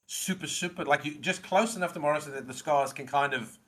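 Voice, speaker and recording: A man's voice: on the high side, a little fast, a bit bright. A man co-hosting a podcast, talking earnestly in casual chat and rambling through restarts. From Australia. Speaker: podcast co-host.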